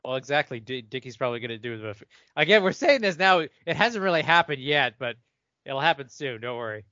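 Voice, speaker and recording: A man's voice: mid-range voice, lively intonation, brisk, sharp tone, no echo. Rambling man, dry lo-fi commentary. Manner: rambling, hedging, restarting sentences. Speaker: film commentary co-host. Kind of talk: casual movie commentary chat. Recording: dry, dull lo-fi audio.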